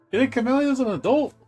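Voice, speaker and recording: A man's voice: very high-pitched, a little mellow. A man streaming a game in a casual chat, laughing often and rambling with repeated words.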